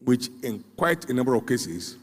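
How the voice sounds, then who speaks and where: An older man preaching a sermon, emphatic, repeating phrases for weight with dramatic pauses. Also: medium pitch, very animated, breathy edge. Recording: long hall reverb.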